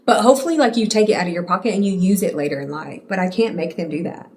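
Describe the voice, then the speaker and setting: A woman's voice: medium pitch, expressive, fast, darkish tone, slight background noise. A woman in her late twenties hosting a podcast alone, talking candidly and casually to her listeners, calling them y'all and swearing now and then. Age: late 20s. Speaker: podcast host. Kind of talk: casual solo podcast monologue.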